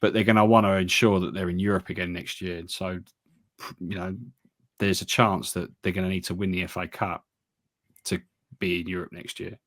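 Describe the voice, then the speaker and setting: A man co-hosting a casual football podcast, talking in a wry, halting way with frequent restarts. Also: low-pitched, flat delivery, fairly bright tone. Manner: wry, hesitant, trails off and restarts. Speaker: podcast co-host.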